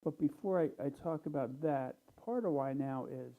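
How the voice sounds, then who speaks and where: Man, tired, plainspoken, pausing often; thin phone-like sound. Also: on the high side. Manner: unhurried, plainspoken, with many pauses and ums. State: tired, low energy. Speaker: church speaker. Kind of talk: casual talk to a congregation.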